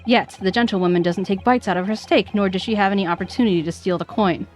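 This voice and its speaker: A woman's voice: medium pitch, fast, faint music behind. A woman streamer reading visual novel dialogue aloud, voicing the characters and stumbling over names.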